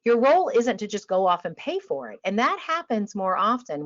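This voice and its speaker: Energetic woman speaker, lo-fi audio. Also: moderate pace. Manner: energetic and emphatic, drops to a calm low voice to demonstrate. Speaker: industry trainer on a webinar panel. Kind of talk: passionate talk to travel advisors. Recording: dull lo-fi online audio.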